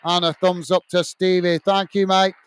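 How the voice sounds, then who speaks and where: A man's voice: sits high, level tone, moderate pace, clean tone. An English man hosting a football watch-along stream, signing off chattily with lots of "uh" and "mate". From England. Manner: chatty, repeats "mate", many "uh" fillers. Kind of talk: casual live-stream sign-off, reading viewer comments.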